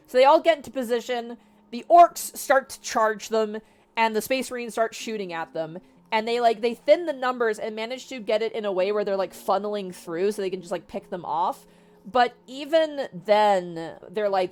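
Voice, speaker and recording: A woman's voice: a little high, a little slow, faint music behind. Chatty woman retelling a story. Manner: chatty, animated, frequent fillers and swearing. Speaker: vtuber streamer. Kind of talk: casual story recap.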